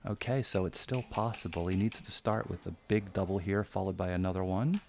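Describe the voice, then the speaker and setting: A man giving live game commentary in a hushed, near-whispered voice, thinking aloud about each move. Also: low voice, vocal fry, a little hiss or hum. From United States. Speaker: backgammon commentator.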